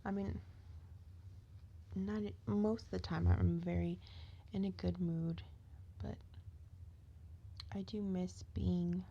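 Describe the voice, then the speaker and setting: A woman's voice: lowish voice, little pitch movement, slow pace, vocal fry, long pauses, warm tone, lo-fi sound. A tired woman venting in a rambling, profane rant that often drops to a whisper.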